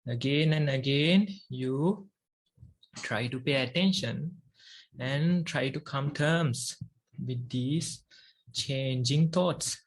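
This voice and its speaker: This Sri Lankan monk, a native Sinhala speaker, delivers a Buddhist meditation talk. His mid-range voice moves in slow, deliberate phrases separated by long silences.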